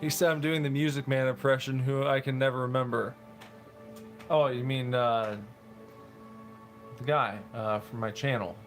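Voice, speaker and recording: A man's voice: mid-range voice, fairly even intonation, normal speed, pauses often, faint music behind. A man hosting his channel, chatting casually and laughing during a toy build while he jokes about his voice impressions. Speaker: channel host.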